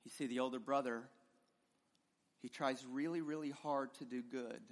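A pastor preaching a sermon with passion, his voice swinging between loud and hushed. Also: mid-range voice, fairly even intonation, moderate pace. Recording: long reverb of a large hall.

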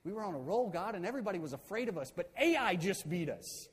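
A man voicing a despairing ancient leader who pleads frantically with God, his voice rising and loud. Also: high voice, big pitch swings, fast, breathy edge, long reverb tail, heavily acted. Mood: anguished.

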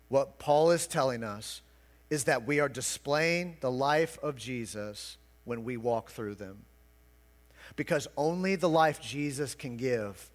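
A male pastor delivering a sermon, building to emphatic, loud passages and then dropping to quiet, intense explanation. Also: mid-range voice, long reverb tail.

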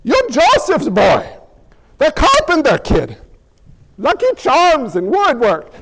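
A preacher putting on a mock Irish accent to play a crowd of scoffing townsmen. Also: male voice, very high-pitched, wildly swooping pitch, slow pace, a bit bright, full character voice, rough recording. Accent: put-on Irish. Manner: exaggerated, teasing. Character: mocking crowd of men with stage-Irish accents.

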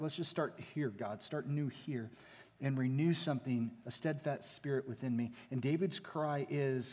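A man preaching a sermon as pastor, moving between hushed, intimate passages and rising, emphatic exhortation. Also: medium pitch, normal speed. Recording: long hall reverb.

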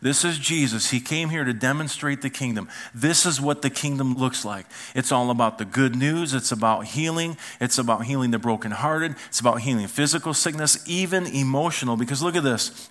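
A man's voice: mid-range voice, normal speed. A man, a pastor, preaching a conversational sermon and asking the congregation questions. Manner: animated, asks the congregation questions.

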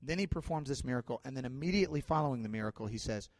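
A male pastor giving a sermon, telling stories in a conversational way with fillers, swinging between loud and quiet. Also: medium pitch, animated, fast, few pauses. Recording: long hall reverb.

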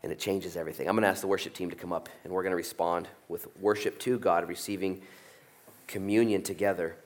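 A middle-aged man preaching a sermon, animated, jumping from loud peaks down to soft asides. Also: low voice, quick pace. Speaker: pastor. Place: church sanctuary.

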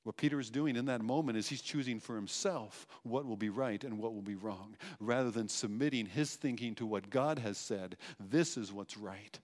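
A man's voice: lowish voice, normal speed, few pauses, darkish tone. A man preaching a sermon, emphatic, asking rhetorical questions and repeating phrases. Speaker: pastor. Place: church hall. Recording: long hall reverb.

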